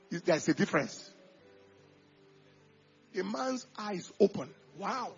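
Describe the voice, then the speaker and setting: A male pastor preaching a sermon, swinging from quiet asides to loud emphatic bursts and acting out the people he quotes. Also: sits high, creaky, husky, dull audio.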